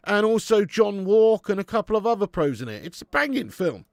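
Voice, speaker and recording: Gravelly-voiced man in his thirties. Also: high-pitched, big pitch swings, brisk, hardly any pauses, dry recording, clean studio sound. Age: 30s. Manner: laid-back banter, swears, calls viewers "mate" and "lad". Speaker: football watch-along host. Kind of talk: live watch-along chat, reading viewer comments.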